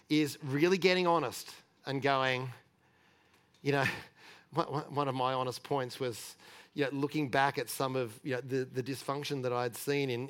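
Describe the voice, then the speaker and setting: A man's voice: medium pitch, fairly bright tone. A middle-aged man preaching in a chatty, candid way, telling personal stories with light laughs and restarts. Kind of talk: conversational sermon storytelling.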